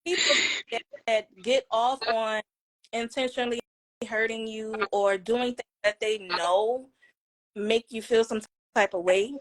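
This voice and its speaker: Female podcast co-host, high-pitched, reflective, halting, dry close sound. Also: fairly bright tone, no echo, poor audio. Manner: reflective, halting, laughs between thoughts. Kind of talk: casual chat.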